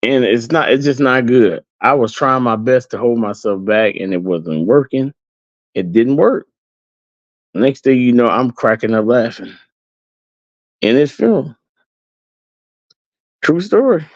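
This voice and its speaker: A man's voice: medium pitch, animated, a little slow, pauses often, no room sound, dull audio. A man hosting his own channel, telling a story in a loose, chatty way to viewers and laughing easily as he goes. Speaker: channel host. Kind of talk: casual storytelling to livestream viewers.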